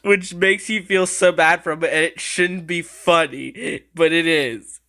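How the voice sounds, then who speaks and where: A man chats through clips in a casual reaction video. His voice is bright and sits a little on the high side. He laughs often and swears freely. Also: steady tone, a little slow.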